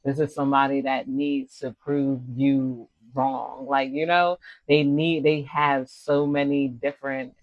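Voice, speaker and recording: A man's voice: mid-range voice, level tone, unhurried, hardly any pauses, dry recording, dull audio. A man with an American accent giving a casual, rambling tarot reading, full of slang and asides. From United States. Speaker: tarot reader.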